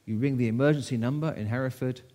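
Fast and dark-toned in a mid-range voice, a man in his sixties from the United Kingdom gives a sermon to his church. He tells a story conversationally, asking rhetorical questions as he goes.

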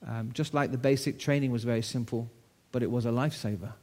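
A man's voice: medium pitch, fast talker, darkish tone. A man in his sixties from the United Kingdom preaching a sermon to his church, telling a story in a conversational way with rhetorical questions.

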